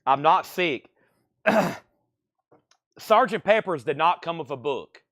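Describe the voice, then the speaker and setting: With a voice on the high side, a man rattles through a livestream vinyl auction in quick, steady patter about grades, prices and bids, coughing occasionally from allergies. The recording is dry and studio quality.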